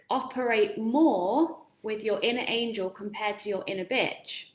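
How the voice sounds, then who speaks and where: A woman's voice: medium pitch, unhurried. A woman coaching viewers in a casual live-stream talk, earnest and encouraging, asking them lots of questions. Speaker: self-help coach. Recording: roomy echo.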